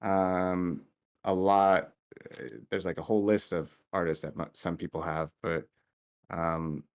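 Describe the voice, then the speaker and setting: A man talking as a guest artist in a casual interview over a call, halting with many fillers and restarts. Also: deep voice, smooth. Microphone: remote call audio.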